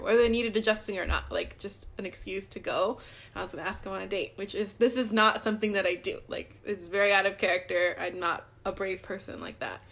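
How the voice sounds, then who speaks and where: Chatting casually on the podcast she co-hosts, a young woman shares a dating story, saying "like" constantly and performing the lines people said. Her voice sits in the middle range with a fairly bright tone.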